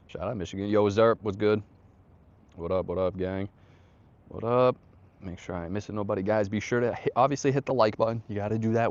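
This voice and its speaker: A man's voice: low-pitched, a little mellow, highs cut off, slight background noise. A young man hosting a casual outdoor livestream, greeting viewers in laid-back slang. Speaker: livestream host. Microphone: phone on tripod.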